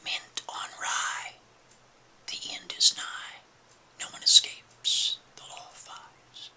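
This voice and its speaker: A man whispering as a haunted painting. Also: pushed and bright. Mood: ominous. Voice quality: breathy unvoiced whisper. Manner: slow, chanting. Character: eerie whispering couple in a painting.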